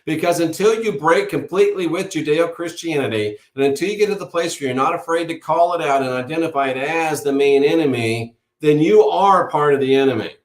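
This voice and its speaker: Hosting an online show, a man delivers an impassioned, preachy monologue to a live audience, declaring things as certain and insistently repeating key words for emphasis. His voice is a little high, with lively intonation and a brisk pace that leaves few pauses. The recording has a roomy echo.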